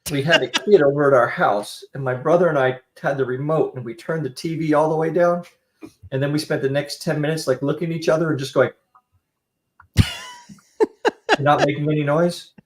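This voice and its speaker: A man's voice: on the high side, fairly even intonation, a little fast. A man hosting a casual podcast chat, telling rambling jokey stories. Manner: joking, rambling storyteller.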